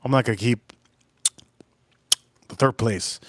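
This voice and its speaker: A man's voice: medium pitch, unhurried, no echo. A man hosting a livestream, telling a rambling, crude story in a casual way and repeating himself as he goes. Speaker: livestream host.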